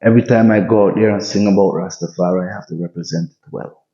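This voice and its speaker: A man, a reggae artist talking casually in an interview, relaxed and given to restarts and "you know" tags. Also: lowish voice, fast. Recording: muffled lo-fi audio.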